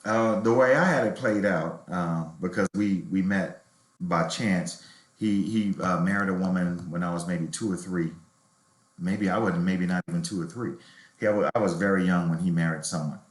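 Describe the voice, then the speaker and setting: A man's voice: low-pitched, normal speed. A middle-aged man, a novelist, telling his life story in a reflective, candid way during an interview. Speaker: novelist guest. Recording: roomy echo.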